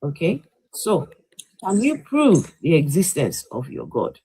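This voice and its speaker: A woman's voice: low-pitched, huge pitch swings, a little slow, warm tone, breathy edge, poor audio. Insistent woman with a Nigerian accent. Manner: insistent, repeats her question. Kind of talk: live call-in debate.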